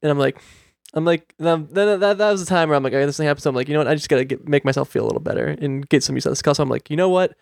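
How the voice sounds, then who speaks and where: A young man tells a story in casual chat, animating every quoted exchange with a slightly high voice. The recording is dry and close, with no room echo. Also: racing, gravelly, few pauses. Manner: animated, acts out quoted dialogue. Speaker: guest storyteller.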